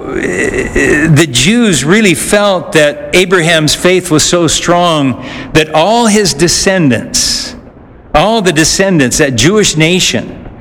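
Slow, earnest male preacher in an echoey hall. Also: fairly high pitch, fairly bright tone. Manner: earnest, with frequent "uh" pauses and restarts. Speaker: pastor. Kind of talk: sermon. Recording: echoey hall, faint noise.

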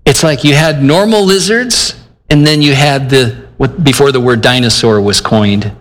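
A man's voice: medium pitch, moderate pace. Older male pastor preaching in a reverberant hall. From Michigan. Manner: earnest, conversational preaching, acts out his own inner dialogue. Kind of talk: sermon.

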